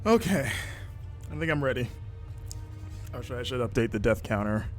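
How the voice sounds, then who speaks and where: Teasing man with a lively voice. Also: medium pitch, moderate pace, faint music behind. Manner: teasing, laughs often. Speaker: co-host and player of a gaming stream. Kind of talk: casual joking chat while playing and eating hot wings.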